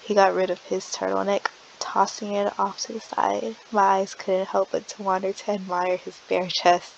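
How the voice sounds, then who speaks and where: A woman's voice: medium pitch, little pitch movement, normal speed, vocal fry, muffled recording, slight background noise. A woman voicing a visual novel aloud in first person, reading expressively and reacting to the story as she goes. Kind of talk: first-person voiced-over game reading.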